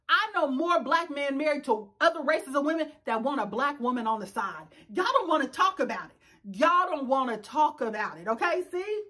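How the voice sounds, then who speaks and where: A woman in her thirties with a high voice rants about a reality show in a casual, sassy way. She laughs often and talks straight to her viewers. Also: a bit bright. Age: 30s. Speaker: YouTube reviewer. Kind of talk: casual ranting commentary.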